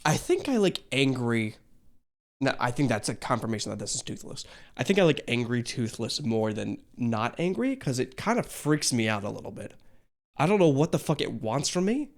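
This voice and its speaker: Animated, swearing man reacting to a movie. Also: moderate pace. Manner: animated, swears freely, restarts and stammers; jumps into high, excited pitch when reacting. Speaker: reaction video host. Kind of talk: casual reaction commentary.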